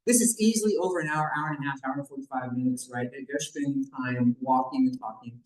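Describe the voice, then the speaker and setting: A man's voice: mid-range voice, fast talker. A man giving a conversational talk at a banquet, retelling a Bible story with joking asides to the audience. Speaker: banquet speaker. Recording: echoey room.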